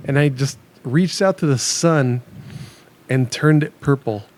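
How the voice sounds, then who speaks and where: A man co-hosting a podcast, telling stories in a loose, animated way with plenty of profanity. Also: mid-range voice, measured pace, a little hiss or hum. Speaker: podcast co-host. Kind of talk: casual podcast chat.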